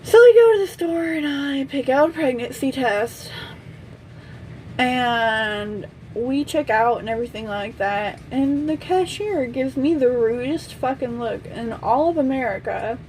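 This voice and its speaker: A woman's voice: high voice, animated, measured pace, a little mellow, a little hiss or hum, poor audio. A young woman vlogger telling a casual storytime, blunt and swearing freely as she acts out what everyone said.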